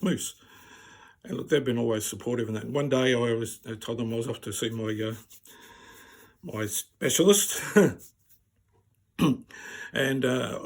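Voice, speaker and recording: A man with a raspy voice, telling wry, self-deprecating stand-up stories. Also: medium pitch. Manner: wry and self-deprecating, laughs at his own jokes. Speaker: stand-up comedian. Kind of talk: stand-up storytelling.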